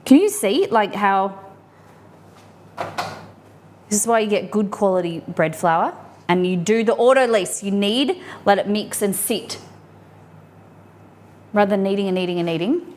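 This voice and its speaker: A woman's voice: medium pitch, moderate pace, darkish tone, slight background noise. Chatty woman cooking live at home. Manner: chatty, playful, giggly asides. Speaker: cooking streamer. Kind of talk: casual live-stream cooking chat. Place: home kitchen.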